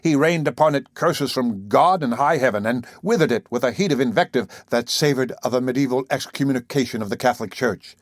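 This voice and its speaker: A man narrating an audiobook in a measured, dramatic first-person reading. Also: mid-range voice, no room sound, studio quality.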